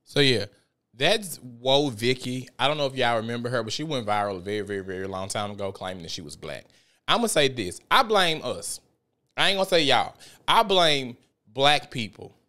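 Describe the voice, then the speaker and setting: A man hosts his own podcast in a loose, ranting monologue. He talks with heat and emphasis and swears freely, with his voice sitting at an everyday middle pitch. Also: expressive, moderate pace, bright, forceful tone. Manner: heated, profane and emphatic. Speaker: podcast host.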